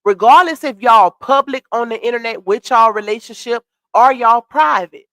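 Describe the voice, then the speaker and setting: Congested woman, sassy live-stream host, slightly high voice, dry close sound. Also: normal speed, a bit bright, no room sound. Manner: sassy, chatty, greets chat viewers. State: congested with a cold. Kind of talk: casual commentary live stream.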